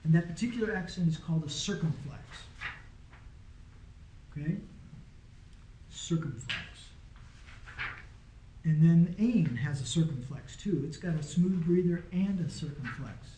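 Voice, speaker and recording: Man, Greek teacher, mellow voice, raised pitch, patient classroom talk, echoey room. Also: measured pace, long pauses, a little hiss or hum. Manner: patient, conversational, often checking understanding. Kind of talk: informal classroom lesson. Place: small classroom.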